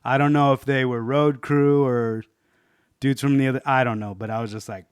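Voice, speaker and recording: A man's voice: mid-range voice, fairly even intonation, moderate pace, smooth, no room sound, clean studio sound. Laid-back swearing podcast host, man. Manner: laid-back, swears a lot, laughs often, says dude. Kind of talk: casual chat.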